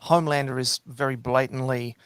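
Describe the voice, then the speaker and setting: A man's voice: medium pitch, steady tone, fairly quick, a bit bright, clear, resonant tone, no room sound. A man, a podcast guest chatting casually with many fillers and restarts. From New Zealand. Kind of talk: casual chat.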